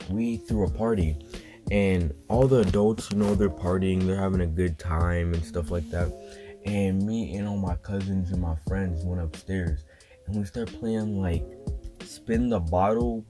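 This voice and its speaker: A young man casually telling a childhood story as a vlogger, with slangy, animated phrasing and lots of fillers. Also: sits low. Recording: guitar music playing underneath.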